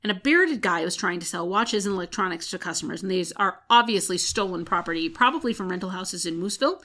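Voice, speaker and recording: Bright-voiced woman recapping a book. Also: lowish voice, lively intonation, quick pace. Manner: retells plot at length with frequent "um" fillers. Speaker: podcast co-host. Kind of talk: casual book recap chat.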